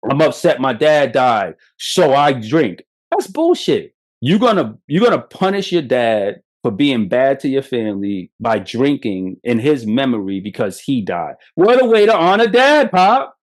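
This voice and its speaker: A middle-aged Brooklyn man talks straight at his listeners in a podcast monologue. He is blunt and profane, and his stories come out animated and emphatic. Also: medium pitch, normal speed. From Brooklyn, New York. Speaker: podcast host. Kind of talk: motivational monologue.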